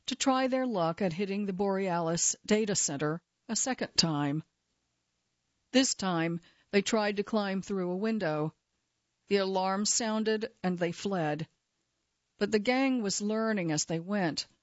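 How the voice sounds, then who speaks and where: A woman narrating a true-crime story in a measured, steady scripted delivery. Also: mid-range voice, no room sound. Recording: slightly dull, dry studio sound.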